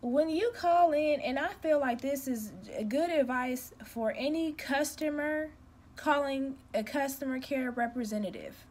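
A woman's voice: sits high, unhurried, a little mellow. A young woman who works in customer care, talking from home in a direct, emphatic, venting way. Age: young adult. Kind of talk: casual rant to camera.

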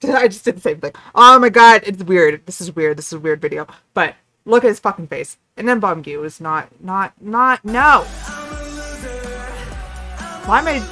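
A young woman hosting a reaction video, chatting casually with excited outbursts and swearing. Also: on the low side, normal speed, faint music behind.

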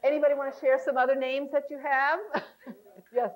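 A woman's voice: high voice, level tone, a little fast, highs cut off. A woman leading a relationship class, talking animatedly to a live audience and laughing often. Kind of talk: seminar talk to a live class. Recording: 1990s VHS seminar tape.

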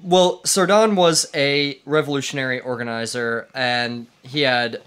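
A man's voice: medium pitch, fairly even intonation, unhurried, fairly bright tone, clean tone. Laid-back man telling history casually. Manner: rambling, laughs often, many fillers and restarts. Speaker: podcast co-host leading the history topic. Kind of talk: casual podcast chat. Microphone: studio microphone.

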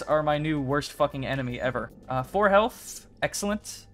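In casual commentary over his gameplay, a young YouTuber talks at a moderate pace with hardly any pauses, his medium-pitched voice fairly bright. He chatters to himself and the characters, pleading, swearing and cheering.

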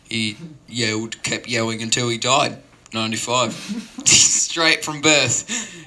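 A man telling a rambling, absurd story at an open mic in a deadpan way, full of digressions. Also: medium pitch, a little slow.

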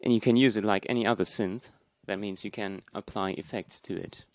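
Low gravelly man explaining software. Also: steady tone, brisk, no echo. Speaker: tutorial host. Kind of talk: screen-recorded software tutorial.

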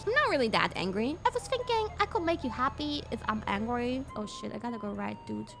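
Super high squeaky european girl gaming, cusses a lot, yells sometimes, music playing under. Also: normal speed, hardly any pauses. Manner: excitable, swears often, bursts into shouting. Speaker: streamer playing a driving game. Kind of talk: live gameplay commentary. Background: game music.

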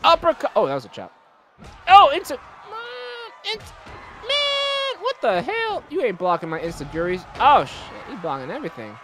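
A man giving let's-play commentary on a video game, excitable, often shouting and swearing. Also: very high-pitched, moderate pace. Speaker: gamer.

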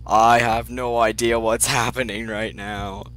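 A young man commentating his own gameplay, muttering to himself and then breaking into excited yelps. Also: medium pitch, unhurried. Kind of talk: let's play commentary.

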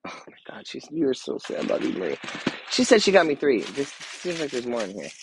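Excitable man gushing on a live stream. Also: mid-range voice, a little fast, background noise. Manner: gushing and excitable, lots of fillers and restarts. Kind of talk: casual live-stream gift unboxing.

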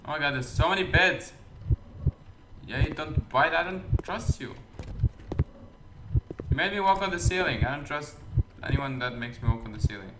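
A man's voice: fairly high pitch, expressive, normal speed, long pauses, roomy sound, noisy background. A man giving sarcastic, joking let's play commentary, swearing as he goes. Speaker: gamer.

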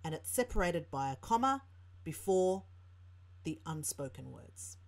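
A woman's voice: low voice, very animated, a little slow, vocal fry. A woman tutor with an Australian accent, explaining a writing lesson and reading example sentences aloud. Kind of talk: teaching lesson narration.

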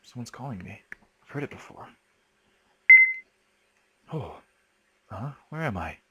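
A man doing a soft, confused schoolgirl heroine. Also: medium pitch, sing-song, measured pace, a little hiss or hum, pitched above the performer's own voice. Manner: soft, puzzled questioning.

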